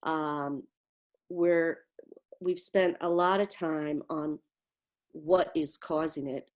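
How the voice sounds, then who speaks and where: Woman, low voice, earnest storyteller, video call audio. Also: fairly even intonation, slow pace, a little mellow. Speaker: interviewee. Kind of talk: personal account on a video call.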